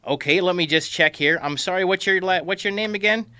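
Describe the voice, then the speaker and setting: A fumbling rental desk clerk, polite and hesitant, as a man reads it out. The pitch sits higher than his own voice and the sound is sharp. The recording is close and dry. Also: brisk, clean tone, dry recording. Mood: apologetic. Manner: polite, hesitant customer-service tone.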